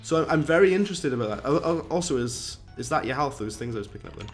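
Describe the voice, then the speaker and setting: A man's voice: medium pitch, expressive, fast talker. Chatty man streaming a game. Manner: chatty, rambling, reads chat aloud, British slang. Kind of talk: casual live-stream gameplay commentary. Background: game music.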